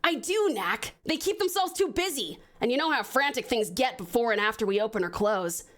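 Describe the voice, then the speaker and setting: Woman reading young tavern guy, friendly, easygoing, bouncy lively voice, higher pitched. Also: fairly quick, lightly acted. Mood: light teasing. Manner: easygoing banter. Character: friendly dependable young male tavern worker.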